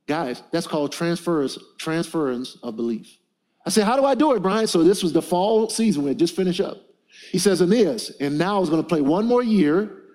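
With a mellow voice that sits a little high, a middle-aged motivational speaker preaches to a gathering of men. He guides them in call-and-response and tells stories emphatically.

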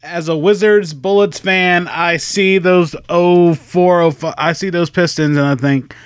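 A man's voice: high-pitched, fairly even intonation, a little slow, smooth, no room sound. A man in casual podcast chat, reflective, with exclamatory asides.

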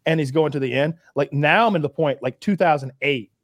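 A podcast host with a fairly high, brisk voice chats casually, rambling through stories full of swearing and restarts. The recording is dry and studio quality.

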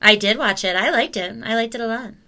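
A woman's voice: fairly high pitch, a little fast, pushed and bright. A woman co-hosting a casual film podcast, talking with enthusiasm and laughing often. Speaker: podcast co-host.

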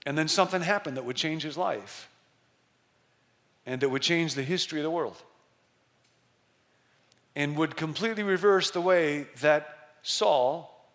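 A middle-aged male pastor preaching a sermon, telling a story with emphasis and slowing down to stress key words. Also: fairly high pitch, fairly bright tone.

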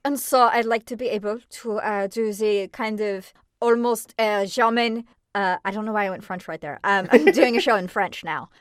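A woman voice actor chatting as a podcast guest, playful and animated, slipping into voices for effect. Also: medium pitch, normal speed, hardly any pauses, clear, resonant tone, no echo, studio quality. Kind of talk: casual podcast chat.

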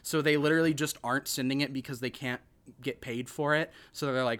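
Podcast host, man with a bright, sharp voice, loose joking delivery. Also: medium pitch, brisk. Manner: rambling, joking, many restarts. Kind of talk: casual chat.

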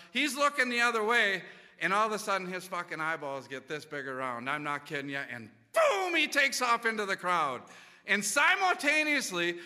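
A man's voice: very high voice, bright, forceful tone, big-room sound. A man casually telling a rambling, profane anecdote full of restarts. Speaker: storyteller.

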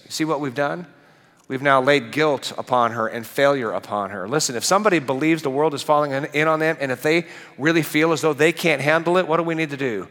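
A middle-aged male pastor giving a conversational sermon in a church, animated and asking the congregation questions. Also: on the high side, quick pace, big-room sound. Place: church sanctuary.

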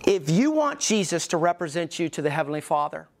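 A man's voice: fairly high pitch, very animated. Emphatic middle-aged male pastor preaching. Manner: preaching with emphatic pauses, acting out quoted voices. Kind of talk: sermon. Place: church sanctuary.

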